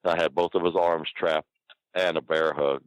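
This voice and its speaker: Older guy, real deep voice, swearing and laughing thru his stories, dry close sound. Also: steady tone, moderate pace, no echo, rough recording. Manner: profane, laughing, rambling. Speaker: guest storyteller. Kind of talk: casual storytelling interview.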